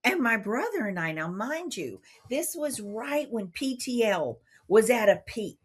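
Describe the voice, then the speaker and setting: A woman's voice: on the high side, very animated, a little slow, husky. A woman in her fifties telling a playful story as a guest in an interview. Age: 50s. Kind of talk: animated storytelling.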